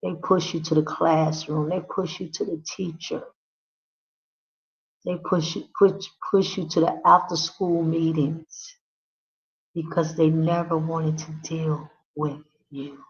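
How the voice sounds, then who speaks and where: A woman hosting her own channel, speaking straight to the listener in a heartfelt monologue. She repeats her phrases for emphasis. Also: sits low. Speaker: channel host. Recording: dull lo-fi recording.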